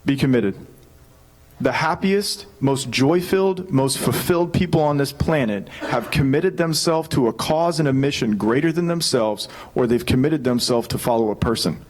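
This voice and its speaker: A man in his thirties preaching a sermon, telling a personal story in an energetic, joking way. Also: mid-range voice, moderate pace. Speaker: pastor.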